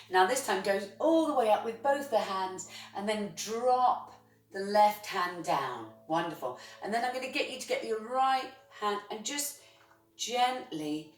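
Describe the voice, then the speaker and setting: A woman leading a chair yoga class, guiding breaths and movements with gentle, encouraging praise. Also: mid-range voice. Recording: roomy sound from a distance.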